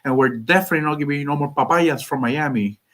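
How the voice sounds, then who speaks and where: A man's voice: fairly high pitch, moderate pace, fairly bright tone, voice pushed up. A man putting on the voice of a brash older politician, crude and swaggering in his threats. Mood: mocking threats.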